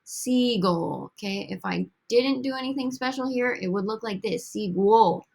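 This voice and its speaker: A woman's voice: fairly high pitch, fairly quick, creaky. A woman teaching a recorded language lesson over slides, upbeat and coaxing as she drills students with prompts. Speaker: Spanish teacher.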